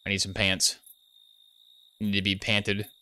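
A man's voice: fairly low pitch, completely flat delivery, unhurried, bright, forceful tone, a little hiss or hum. A young man commenting on his gameplay live, joking and muttering asides into a desk microphone. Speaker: gaming streamer.

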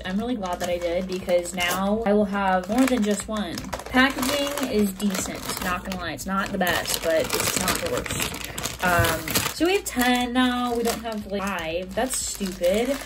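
Young woman vlogging at home, rambly and blunt, says "like" a lot, noisy clicky audio. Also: mid-range voice. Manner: chatty, rambling, full of "like" fillers, blunt and swearing. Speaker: YouTuber reviewing a product. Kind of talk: casual vlog chat. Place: room at home. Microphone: camera on a tripod. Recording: background noise with clicking sounds.

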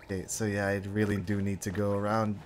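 A man's voice: on the low side, completely flat delivery, fast talker, slight background noise. A man hosting a casual game stream, chatting loosely, talking to himself and swearing now and then. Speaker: streamer host. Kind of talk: casual gameplay chat.

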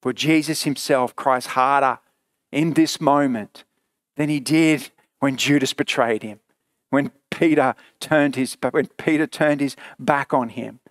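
A man preaching a sermon, asking dramatic rhetorical questions and moving between hushed and intense passages. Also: medium pitch, steady tone, unhurried, dry recording.

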